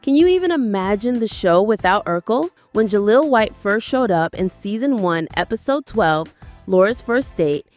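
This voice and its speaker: A woman narrating a countdown video at a mid-range pitch, sounding chatty and hyped and tossing in playful asides. Soft music plays quietly under her voice. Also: lively intonation, normal speed. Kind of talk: scripted narration.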